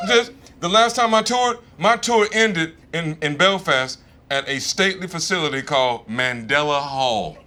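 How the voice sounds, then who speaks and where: A man in his fifties with a Southern American accent, doing a stand-up comedy set in a relaxed, conversational and profane way. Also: high voice. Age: 50s. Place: comedy stage in front of a live audience.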